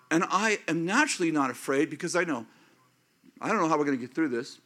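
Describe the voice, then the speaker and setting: A man of fifty or older preaching a sermon as pastor, acting out prayers and inner thoughts in an animated way. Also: fairly high pitch, fast. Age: 50s or older.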